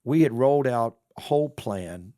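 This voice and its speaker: A middle-aged man telling a story in a casual podcast interview, folksy and animated. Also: mid-range voice, moderate pace, dry recording, clean studio sound. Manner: folksy, animated storyteller acting out quoted voices. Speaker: business owner and real estate developer.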